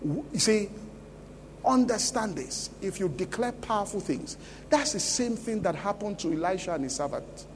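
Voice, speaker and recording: A man's voice: sits high, lively intonation, moderate pace, long reverb tail, a little hiss or hum. A Nigerian man preaching a sermon as pastor at a church conference, emphatic and often asking the congregation questions. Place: large church conference hall.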